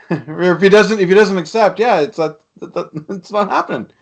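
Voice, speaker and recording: A man's voice: high-pitched, moderate pace, creaky. Chuckling man riffing on a bad movie. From Canada. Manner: laughs often, agreeing and riffing. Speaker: podcast co-host. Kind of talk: casual movie chat.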